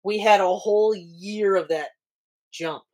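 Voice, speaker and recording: A man's voice: sits high, a little slow, a little mellow. A man co-hosting a casual podcast chat, telling stories animatedly, acting out quotes and swearing freely. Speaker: podcast co-host.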